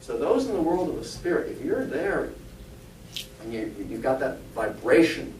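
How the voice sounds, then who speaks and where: A man speaks to a congregation in a church, his fairly high voice rising and falling freely as he jokes and asks the audience questions. He was recorded from a distant mic, so the voice rings in a roomy hall over a faint hiss. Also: big pitch swings, moderate pace, a little mellow. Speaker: spiritualist minister and medium. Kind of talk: informal talk to a congregation.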